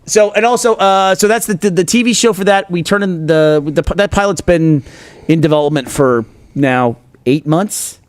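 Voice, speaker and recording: A man's voice: high-pitched, normal speed, dry recording. A man co-hosting a podcast, bantering casually with laughter and swearing. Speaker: podcast co-host. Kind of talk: casual chat.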